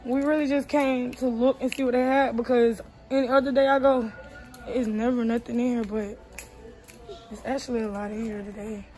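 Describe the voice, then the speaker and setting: Chatty young mom vlogging in a store. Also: female voice, fairly high pitch, fairly even intonation, normal speed, darkish tone, soft background music, low-quality recording. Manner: chatty, addresses viewers as y'all. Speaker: vlogger, mother. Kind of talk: casual vlog while shopping. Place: large store indoors.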